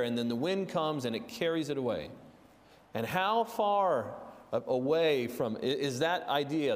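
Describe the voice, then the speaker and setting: A man preaching a sermon, earnest and storytelling, with fillers and restarts. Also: mid-range voice. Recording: long reverb of a large hall.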